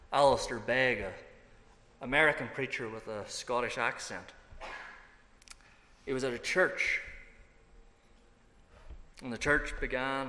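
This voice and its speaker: Guy preaching slow and emphatic, piling up repeats, big echoey church hall. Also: medium pitch, sharp tone. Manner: emphatic, building repetition. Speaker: pastor. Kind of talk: sermon. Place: church sanctuary.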